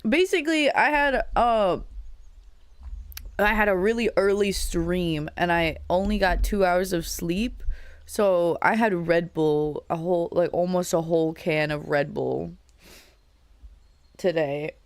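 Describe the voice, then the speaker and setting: A woman's voice: lowish voice, measured pace, clear, resonant tone, no echo. A young adult woman live streamer in casual, rambling chat with her viewers, laughing often, her voice cracking a little.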